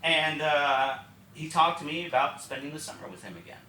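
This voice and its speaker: A young man from Texas tells his life story on stage in a one-man show, his voice high, bright and lively as he confides in the audience. It is caught from a distance in a roomy theatre, with faint noise behind. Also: normal speed. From Texas, USA. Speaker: solo stage performer.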